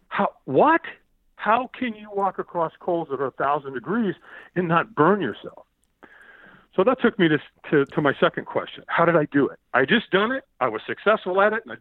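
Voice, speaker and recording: A man telling an animated story as a podcast guest, often repeating words and acting out the shouts he quotes. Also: mid-range voice, no echo. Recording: tinny phone-like line, dry.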